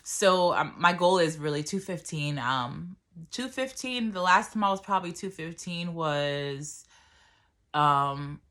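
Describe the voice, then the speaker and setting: A woman's voice: on the low side, lively intonation, slow, fairly bright tone. A woman in her thirties giving a casual, rambling vlog update, full of "um"s and self-corrections. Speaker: vlogger.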